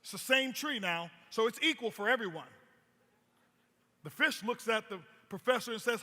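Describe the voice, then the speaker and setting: A man's voice: extremely high pitch, normal speed, pauses often, pushed and bright. A man giving a stage presentation as a motivational speaker, telling stories with emphatic repetition. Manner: storytelling, emphatic, repeats words. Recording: long hall reverb.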